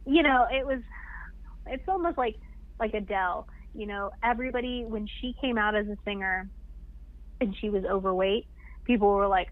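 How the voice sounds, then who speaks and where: A woman's voice: medium pitch, normal speed, no echo. A woman chatting casually as a podcast guest, laughing often and filling her talk with "like". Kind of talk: casual interview chat. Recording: tinny phone line.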